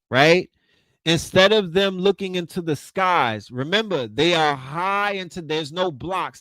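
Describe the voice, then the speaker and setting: A man hosting an online lecture, telling stories in an animated, slangy, profane way, acting out quotes and restarting his sentences. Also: a little high, no room sound, rough recording. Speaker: lecture host. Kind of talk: casual storytelling lecture.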